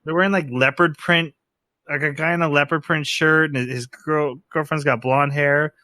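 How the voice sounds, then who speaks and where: Bright, dry-sounding male podcast co-host. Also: on the high side, moderate pace, dry recording. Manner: animated, retells scenes with quoted voices and laughs. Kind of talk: casual chat.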